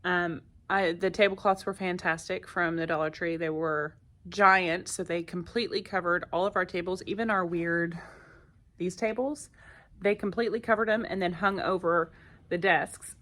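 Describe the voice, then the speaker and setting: A woman's voice: lowish voice, steady tone, normal speed, fairly bright tone. A woman, a first grade teacher chatting casually to her phone camera in her classroom, with lots of fillers and asides. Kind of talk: casual vlog chat.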